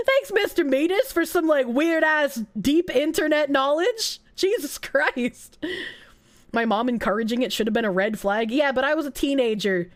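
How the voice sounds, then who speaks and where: A young woman with a Boston accent, streaming and chatting casually with her live chat, her voice a little rough from being sick, swearing and often breaking into high squeals. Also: a little slow. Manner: animated, swearing, frequent laughter, jumps to high squeals.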